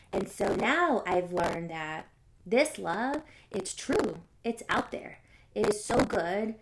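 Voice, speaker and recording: Woman talking faith on a facebook-style live, earnest and thoughtful, loud hiss and noise all over the audio. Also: medium pitch. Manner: earnest, musing, repeats key phrases. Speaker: live-stream host. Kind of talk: reflective faith talk to viewers. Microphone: phone or webcam on a live stream.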